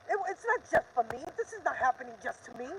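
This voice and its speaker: A woman's voice: sits high, very animated, fast, fairly bright tone, slight background noise, poor audio. An older woman hosting a live stream, talking in an urgent, defiant, repetitive rant. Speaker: livestream host.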